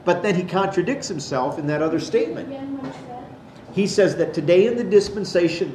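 A man's voice: sits high, animated, a little fast, a little mellow. A man giving an explanatory Bible teaching to a class, pointing things out on a board. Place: classroom or church hall. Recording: echoey room, faint background noise.

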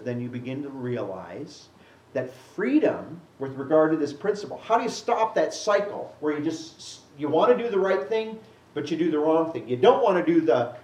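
A man preaching a Bible-teaching sermon and answering a question from the congregation, animated, acting out the scripture he quotes. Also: on the high side. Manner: animated, acts out quotes with rising voice. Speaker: pastor. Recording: echoey room, mic at a distance.

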